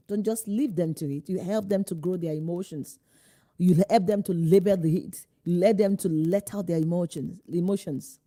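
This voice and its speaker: Mellow-voiced woman coaching parents. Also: fairly low pitch, normal speed. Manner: emphatic, direct advice with rhetorical questions; acts out parents' and children's lines in changed voices. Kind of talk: instructional talk to parents.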